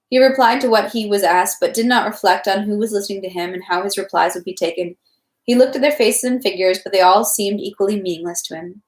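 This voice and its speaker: Woman reading a novel aloud, echoey room. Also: mid-range voice. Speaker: audiobook reader. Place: home.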